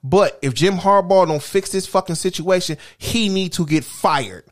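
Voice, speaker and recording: A man with a high-pitched voice delivers a crude, heated rant in casual talk. He curses constantly and hammers his points home by repeating them. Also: normal speed. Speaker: podcast co-host. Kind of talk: profane casual sports rant.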